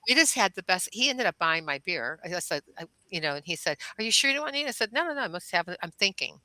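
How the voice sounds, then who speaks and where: A middle-aged woman from the Detroit suburbs tells stories in casual conversation, her voice on the low side yet bright and forward. She acts out the other people's lines with lively swings and laughs often. The sound is close and dry. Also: quick pace, dry recording, low-quality recording. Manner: animated, acts out quoted dialogue, laughs often. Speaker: guest, chiropractor and intuitive healer. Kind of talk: casual podcast storytelling.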